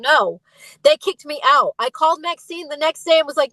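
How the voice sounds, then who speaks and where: High-voiced, emphatic woman guest. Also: a little fast, fairly bright tone, no room sound, poor audio. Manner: emphatic, aggrieved, frank. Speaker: interview guest, former group singer. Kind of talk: candid interview.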